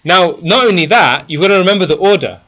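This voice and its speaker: A man's voice: sits high, quick pace, bright, forceful tone, lo-fi sound. A man teaching a class, constantly quizzing his students with questions. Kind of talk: interactive classroom lesson.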